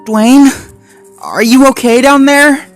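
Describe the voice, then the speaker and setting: A man voicing an anxious young female husky dog who shivers and worries as she talks, in a storybook reading. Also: on the high side, expressive, normal speed, mellow, faint music behind, pitched above the performer's own voice. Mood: worried.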